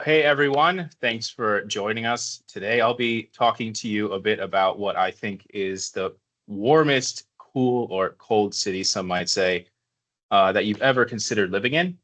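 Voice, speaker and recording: An American man giving a pitch presentation in an upbeat, casual way with light jokes. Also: a bit bright. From United States. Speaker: city presenter.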